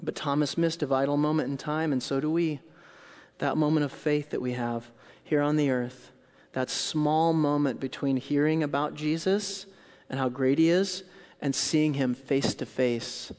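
A male pastor preaching a sermon, telling a story with dramatic shifts between loud outbursts and hushed, quiet lines. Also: fairly high pitch, measured pace, smooth. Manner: animated storytelling, acts out scenes with loud outbursts and hushed quotes. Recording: long hall reverb.

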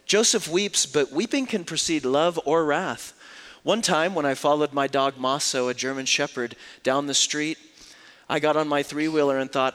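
Animated preacher in a reverberant hall. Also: male voice, a little high. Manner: expressive storytelling preacher, shifts from hushed to animated. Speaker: pastor. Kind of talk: sermon.

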